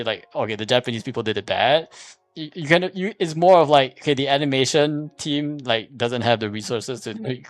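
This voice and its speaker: A medium-pitched man, recorded without echo, offers offhand streaming commentary while pushing an argument. His delivery wanders with many restarts and fillers, and he repeatedly uses "here's the thing" to make his case.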